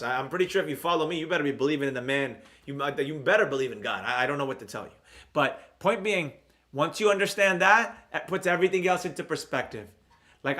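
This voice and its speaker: A man hosting his own live stream on trading, chatting loosely and answering viewer comments in a rambling, energetic way. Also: fairly high pitch. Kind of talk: casual live-stream chat reading comments.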